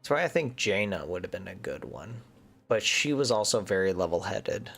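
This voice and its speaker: A man chats through a game session, thinking out loud and now and then muttering nervously. His voice sits fairly low, with a gravelly rasp, and his pitch swings widely as he talks. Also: sing-song, moderate pace, soft background music. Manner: chatty, thinks aloud, mutters nervously under his breath. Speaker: gaming streamer. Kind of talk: casual commentary while playing a game.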